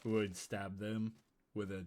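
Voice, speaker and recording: Low-voiced man cracking quick dry jokes. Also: level tone, darkish tone, a little hiss or hum. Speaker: co-host playing a video game. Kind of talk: casual gaming chat.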